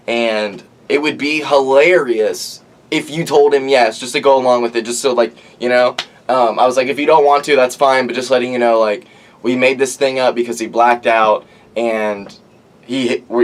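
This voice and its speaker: A young man hosting a casual storytelling monologue outdoors, rambling and profane, full of "like" and acted-out quotes. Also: medium pitch. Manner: rambling, profane, animated, lots of "like". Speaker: podcast host.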